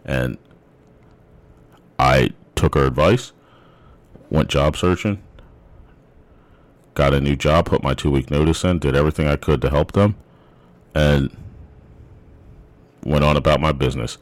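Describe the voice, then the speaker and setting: Very deep-voiced man telling a story. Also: unhurried, long pauses, no room sound. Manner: rambling, frequent restarts. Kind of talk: casual storytelling monologue.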